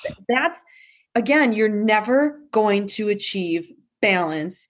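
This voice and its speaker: A woman hosting a casual podcast chat, speaking as a nutrition practitioner who is emphatic and talks in quick bursts. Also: mid-range voice, animated.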